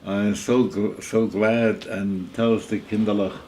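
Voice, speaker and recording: Elderly rabbi spinning a lively tale. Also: male voice, lowish voice, slow, a little hiss or hum, low-quality recording. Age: 80s. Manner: lively, chuckling storyteller, sprinkles Yiddish words. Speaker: rabbi telling a story. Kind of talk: storytelling at a gathering.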